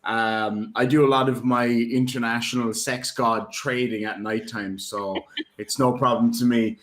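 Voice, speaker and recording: A man's voice: mid-range voice, fairly even intonation, unhurried, fairly bright tone. A man in casual live-stream chat, rambling and joking with lots of ums and uhs. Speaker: guest. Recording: roomy echo.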